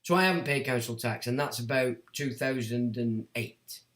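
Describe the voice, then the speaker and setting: A man's voice: mid-range voice, normal speed, echoey room. A middle-aged man hosts a casual livestream and answers chat comments bluntly, sometimes mocking complainers in put-on voices. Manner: blunt, animated, mocks whiners in put-on voices.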